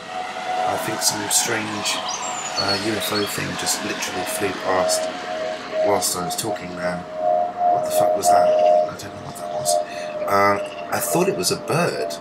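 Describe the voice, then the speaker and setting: A man's voice: deep voice, gravelly, poor audio. A man rambling through live commentary outdoors as he films the sky, swearing casually and trailing off mid-sentence. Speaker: livestreamer filming the sky. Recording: loud outdoor noise.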